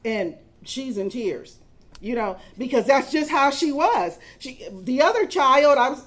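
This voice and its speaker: A middle-aged woman with a high, animated voice preaches a sermon a little slowly. She tells stories, builds emphasis as she goes and acts out quotes.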